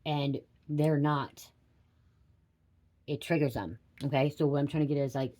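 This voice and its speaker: A woman's voice: low voice, steady tone, a little slow, mellow. A middle-aged woman giving a casual spiritual reading to camera. She rambles, swears bluntly and keeps checking in with "okay?". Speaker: tarot reader.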